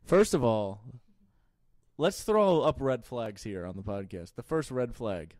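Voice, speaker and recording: Lively joking man hosting a podcast. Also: medium pitch, a little slow, dry recording, clean studio sound. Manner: lively, joking, interrupts often. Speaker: podcast host. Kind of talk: casual chat. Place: small home studio.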